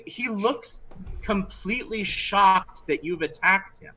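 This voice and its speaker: A man narrating as dungeon master of a tabletop game, animated and throwing in character voices. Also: sits high, takes it slowly, poor audio.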